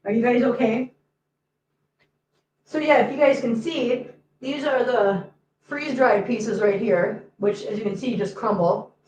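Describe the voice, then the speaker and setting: A woman's voice: fairly high pitch, a little slow, roomy sound, background noise. A woman hosting a casual livestream from home, chatting and joking while she talks to her cats. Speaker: host.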